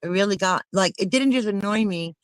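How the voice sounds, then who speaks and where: A woman's voice: medium pitch, fairly quick, clean tone, no room sound, poor audio. A woman hosting a casual chat with friends, talking in an indignant, emphatic way.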